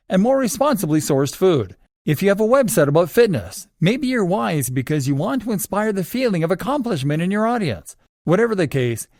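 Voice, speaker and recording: Lively, instructive male course narrator. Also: sits high, dry recording, clean studio sound.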